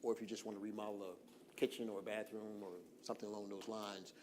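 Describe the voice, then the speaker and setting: A man presenting a financial workshop in an informal seminar style, relaxed and full of fillers, slowing down on purpose to stress key points. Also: on the low side, a little hiss or hum. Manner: relaxed, lots of "uh" fillers, slows down deliberately for emphasis. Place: church hall.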